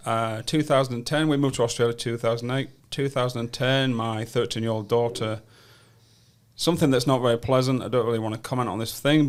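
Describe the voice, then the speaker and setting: An English man in his fifties, a guest on a studio podcast, telling his story bluntly and frankly. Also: medium pitch. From England. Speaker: guest, business founder. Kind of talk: podcast interview.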